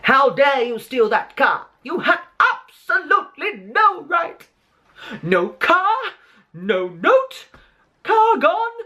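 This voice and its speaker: A man voicing an angry middle-aged mother scolding her son in a shrill, shrieking telling-off, quoting a film scene. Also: very animated, slow, sharp tone, heavily acted. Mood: furious.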